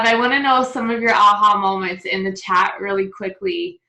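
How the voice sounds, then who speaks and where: A woman hosting a team video call, warm and encouraging, praising her guest effusively. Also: medium pitch, level tone, moderate pace, roomy sound, rough recording. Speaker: host.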